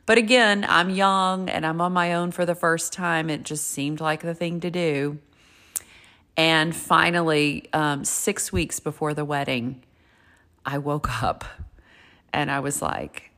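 Frank chatty woman in her 50s, low voice, swears a bit, telling her own story and giving advice. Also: measured pace, a bit bright. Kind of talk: candid personal storytelling and advice.

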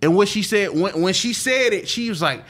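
A man's voice: high voice, lively intonation, a little fast, a bit bright. Slangy, rambling man being interviewed. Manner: loose, slangy, repeats himself and restarts. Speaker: interview guest. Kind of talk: casual interview talk.

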